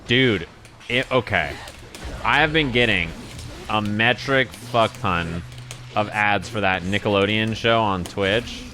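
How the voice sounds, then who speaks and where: A man's voice: on the low side, takes it slowly, bright, forceful tone, slight background noise. A man rambling and swearing casually to his chat while playing a fighting game live. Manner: profane, rambling, exasperated. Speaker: streamer.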